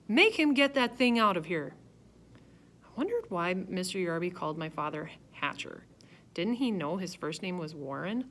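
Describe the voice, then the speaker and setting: A woman reading a children's chapter book aloud, telling it in a lively first-person voice. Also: lowish voice, a little hiss or hum. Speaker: reader. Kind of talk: storybook narration.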